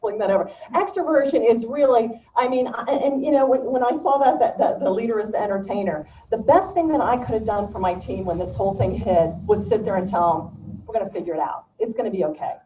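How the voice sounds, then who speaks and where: A middle-aged woman giving a motivational speech as a guest speaker at a club meeting, telling stories in a lively, folksy, humorous way. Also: a little high, a little fast, noisy background. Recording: roomy, distant, dull-sounding room recording.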